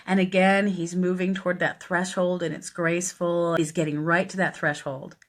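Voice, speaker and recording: A middle-aged woman telling a heartfelt personal story as a death midwife, growing animated as she retells what was said. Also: fairly low pitch, normal speed. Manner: heartfelt, gets animated and laughs while retelling dialogue.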